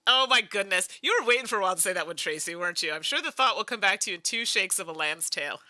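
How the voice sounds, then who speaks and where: A woman from Canada talks her way through a solo board game, chatting to viewers between moves. Her voice is very bright and lively, with lots of pitch movement. The sound is close and dry. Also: quick pace, no echo. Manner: thinks aloud while playing, chatty asides to viewers. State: tired. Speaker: host.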